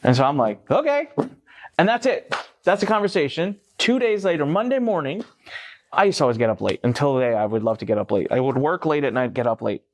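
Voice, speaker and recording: Animated man telling a story. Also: medium pitch, fast. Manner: animated, swears freely, acts out voices. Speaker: guest, entrepreneur. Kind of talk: casual anecdotal storytelling.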